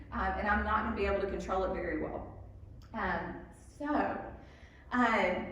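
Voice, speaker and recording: Captured from afar in an echoey hall with a little background noise, a woman addresses a live group at an evening church talk. Her medium-pitched voice is a bit bright, and her frank, self-deprecating faith talk is full of ums and small laughs.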